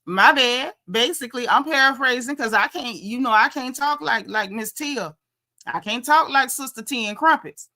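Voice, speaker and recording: Woman host, bright voice pitched a bit high, animated gossipy recap delivery. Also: moderate pace. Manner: animated, gossipy, quotes people in lively asides. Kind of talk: casual recap chat.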